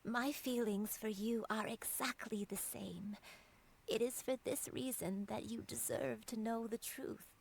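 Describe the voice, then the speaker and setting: A gentle old grandmother spirit. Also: fairly high pitch, fairly even intonation, unhurried, creaky, breathy edge, full character voice. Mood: tender. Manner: soft, tender and sorrowful, often near a whisper. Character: gentle old grandmother who was once a crane. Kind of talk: game dialogue.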